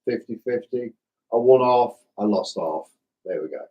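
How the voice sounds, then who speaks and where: A middle-aged man with a slightly hoarse voice, hosting a live stream in a casual, self-deprecating way and chatting with viewers like old mates. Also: fairly low pitch, lively intonation, moderate pace, lo-fi sound. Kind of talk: casual live chat reading viewer comments.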